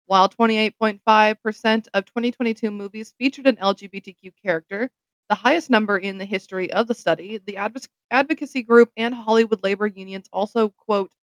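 A woman's voice: medium pitch, no echo. Woman hosting a casual news segment. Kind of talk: casual chat and reading articles aloud.

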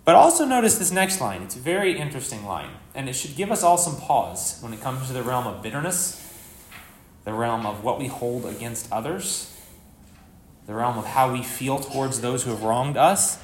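A man preaching a live sermon as pastor, earnest and conversational, with sudden rises in pitch and volume for emphasis. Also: lively intonation, moderate pace, slight background noise. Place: church sanctuary. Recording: echoey church hall.

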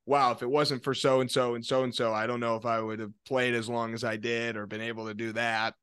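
A man's voice: mid-range voice, flat delivery, fairly quick, fairly bright tone, smooth. A man hosting a podcast, asking the guest long, stacked interview questions. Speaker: podcast host.

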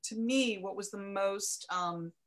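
A woman's voice: mid-range voice, slow pace. A woman hosting an interview, speaking thoughtfully and affirming her guest, with a few fillers. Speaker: interviewer, host. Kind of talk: conversational interview.

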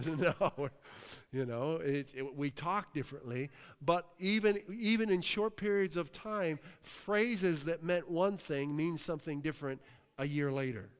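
At a measured pace, a smooth, slightly high male voice delivers a sermon. The pastor hails from Western Pennsylvania, cries hallelujah, checks in with the congregation, and is heard through a long hall reverb.

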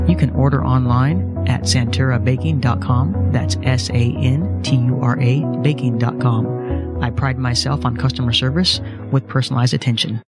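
A woman reading a scripted radio ad for her own bakery, in a friendly sales pitch that asks the listener questions. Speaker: bakery owner in a recorded ad. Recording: ad read over loud guitar music.

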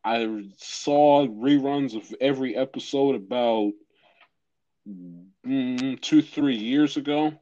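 A teenage man co-hosting a casual podcast, talking quickly and excitedly and often repeating himself. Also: medium pitch, dull audio. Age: teens. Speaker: podcast co-host. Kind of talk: casual chat.

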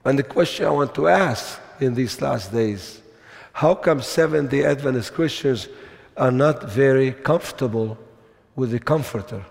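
A man preaching a sermon at a camp meeting, slow and emphatic, putting rhetorical questions to the congregation. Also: medium pitch, creaky. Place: large meeting hall. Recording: long hall reverb.

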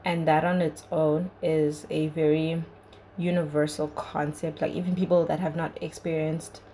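A woman's voice: low voice, little pitch movement, normal speed, warm tone, a little hiss or hum, poor audio. A young woman hosting a podcast, giving an earnest, chatty solo review full of "like" and "you know". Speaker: podcast host.

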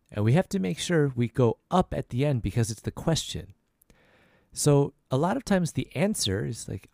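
A man hosting a language lesson podcast, repeating each phrase slowly and then faster so listeners can practice. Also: mid-range voice, sing-song, vocal fry, a little mellow, no echo, clean studio sound. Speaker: podcast host teaching Korean.

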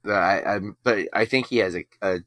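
A man's voice: lowish voice, normal speed, a bit bright, no echo, clean studio sound. A man hosting a podcast in casual chat, rambling and self-deprecating. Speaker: podcast host.

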